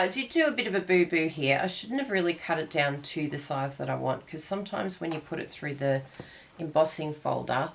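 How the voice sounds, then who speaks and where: A woman's voice: lowish voice, slight background noise. A woman hosting a cardmaking tutorial, chatting casually and digressing as she crafts.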